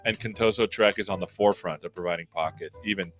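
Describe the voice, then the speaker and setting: A man's voice: sits low, fast, a bit bright, soft background music. A man hosting a casual tech livestream, joking around and poking fun at himself. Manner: joking, self-deprecating. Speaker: tech show host.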